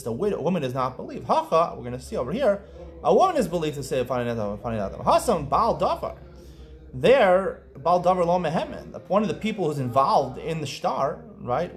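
A man teaching a Talmud lesson, explaining quickly and lifting into a chanting lilt on quoted Aramaic, with frequent restarts. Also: a little high. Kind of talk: daf yomi study lesson.

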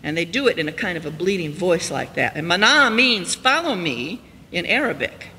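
A man with a high, bright voice preaches a storytelling sermon from the pulpit, swinging between ringing emphasis and hushed, slowed lines. His voice carries a long church-hall reverb with a faint hiss underneath. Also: expressive. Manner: storytelling, rises high and loud for emphasis then drops soft and slow. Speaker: pastor. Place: church sanctuary.

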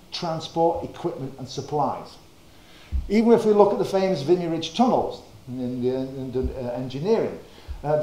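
A man from northern England giving a history lecture, measured and full of small fillers. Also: on the high side, dark tone, reverberant. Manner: measured, with frequent uh fillers and quoted passages. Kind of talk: lecture presentation.

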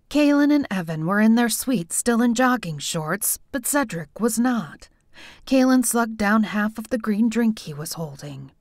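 A woman narrates a first-person mystery audiobook in a bright, higher voice whose pitch rises and falls expressively. The reading is animated. The studio sound is dry and close. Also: a little slow, dry recording.

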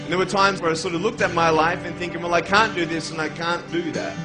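An earnest young man delivers a motivational speech, pressing his points home with rhetorical questions. His voice sits somewhat high for a man. Clear background music plays under his words. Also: steady tone, fast, low-quality recording. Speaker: motivational speaker.

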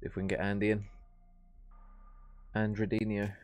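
A man's voice: lowish voice, little pitch movement, normal speed, darkish tone. A man hosting a live esports stream, casting casually with laid-back, jokey chatter. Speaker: esports caster and stream host. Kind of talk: relaxed live casting and banter.

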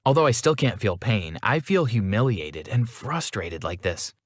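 A man narrating an animated first-person story in a regretful, earnest way. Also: lowish voice, moderate pace, no room sound, studio quality. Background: music.

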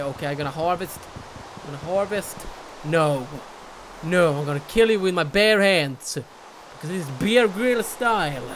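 A young adult gaming YouTuber giving excitable let's play commentary, with loud outbursts, mock bravado and casual swearing. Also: mid-range voice, a little hiss or hum, poor audio.

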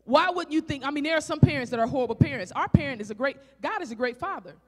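A woman preacher with a Southern country accent, delivering a fervent sermon full of rhetorical questions, rising to shouts and drawing out scripture as she reads. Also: high-pitched, lively intonation, quick pace. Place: church sanctuary. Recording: echoey church hall.

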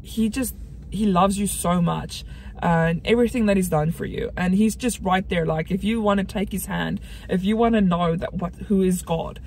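A woman's voice: mid-range voice, normal speed, a little mellow, a little hiss or hum. Casual vlogger: young woman, chatty and earnest, mid-range voice, faint room ambience. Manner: chatty, earnest, frequent fillers and restarts. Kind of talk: casual vlog chat.

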